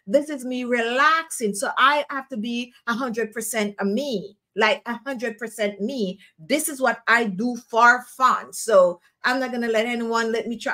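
Hosting a skincare live show, a Jamaican-accented woman chats casually with an earnest, encouraging manner, repeating phrases for emphasis. Her voice sits high and sounds bright and forceful.

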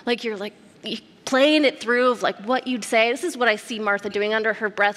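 Woman preacher, bright, slightly high voice, chatty storytelling sermon, long church hall reverb. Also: normal speed. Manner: conversational, animated storytelling with asides to the congregation. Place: church sanctuary.

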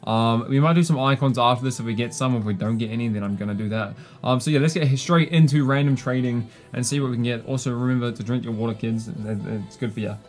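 A man talks through a mobile football game in a loose, rambling way, his voice a little worn and hoarse. His pitch sits in an ordinary middle range. Faint music plays underneath. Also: fast, hardly any pauses. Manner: chatty, laid-back, rambling. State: slightly losing his voice. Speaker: gaming YouTuber. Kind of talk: casual gameplay commentary.

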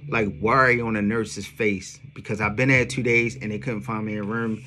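A man's voice: lowish voice, normal speed, a little hiss or hum. A man telling his own story in a casual monologue, full of slang and emphatic asides. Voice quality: streetwise slang with frequent "yo" and profanity. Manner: animated, emphatic retelling. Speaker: songwriter vlogger.

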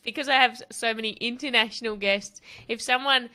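A woman's voice: a little high, fairly even intonation, fairly quick, bright, forceful tone. A woman hosting a podcast, chatting casually and laughing at herself. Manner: chatty, self-deprecating, laughs often. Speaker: podcast host. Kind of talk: casual interview chat.

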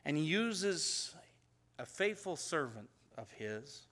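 A man's voice: on the high side, big pitch swings, slow, fairly bright tone. A man pastor teaching an expository sermon in a conversational way, often repeating words and acting out the prayers he quotes. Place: church sanctuary.

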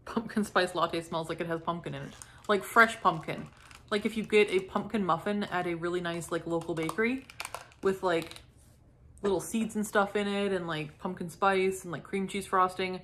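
A middle-aged woman from Canada chatting casually as she unboxes and sniffs candles, gushing softly and lingering over each scent. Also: fairly low pitch, normal speed, a little hiss or hum. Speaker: candle review vlogger. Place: home.

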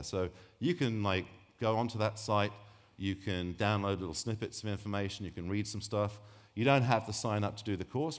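A man giving a public science talk on sharks, rambling and joking, often breaking off mid-sentence. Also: sits low. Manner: rambling, jokey, self-interrupting. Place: lecture hall. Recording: long hall reverb.

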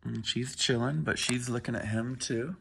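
A man at home calmly explaining how he introduces his dog to his cat, often checking in with "right?" as he coaches. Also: medium pitch, moderate pace, gravelly, slight background noise. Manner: soft-spoken, frequently adds "right?" while coaching pets. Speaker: dog owner training his dog. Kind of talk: casual explanatory vlog. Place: home indoors with pets.

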